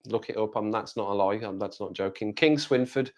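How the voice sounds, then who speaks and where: A man's voice: fairly low pitch, a little fast, a little mellow. Rambling Black Country man on a live stream. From West Midlands, England. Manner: rambling, chatty, reads viewer comments aloud. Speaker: livestreamer. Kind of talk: casual live-stream chat.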